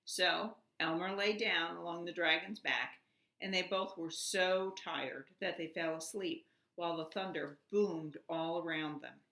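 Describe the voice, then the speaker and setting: A preschool teacher reading a storybook aloud to children, slow and expressive. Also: female voice, fairly low pitch. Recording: echoey room.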